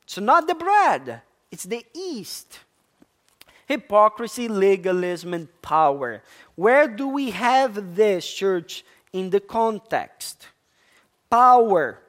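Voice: medium pitch, very animated, slow. A preacher delivering a sermon, stressing and repeating key words and asking the congregation questions. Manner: emphatic, repeats key words, addresses listeners as church.

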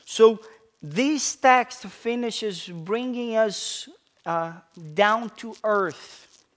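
A pastor preaching a sermon, a man with a high voice. He speaks slowly and with emphasis, puts questions to the congregation and answers them, and drops to a soft hush on key words. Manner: call-and-response questions to the congregation, slow and emphatic.

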